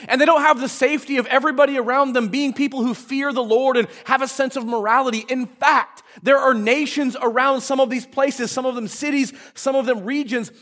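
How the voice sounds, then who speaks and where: A male pastor preaching a sermon, acting out prayers and joking asides with lively emphasis. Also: very high voice. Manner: animated, acts out prayers and asides with humor.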